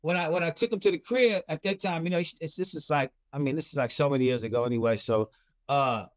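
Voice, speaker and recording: A middle-aged man tells a story in loose, rambling talk, circling back with "you know" and restarts. His voice sits high for a man. The recording is dull and lo-fi. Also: quick pace. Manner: rambling, repeats words and fillers like "you know". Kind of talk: casual storytelling.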